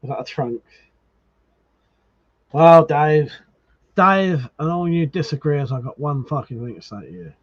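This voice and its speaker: A man's voice: a little high, animated, measured pace, long pauses. A man hosting a live stream, chatting casually, swearing and laughing as he teases viewers, with slightly muffled audio. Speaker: livestream host.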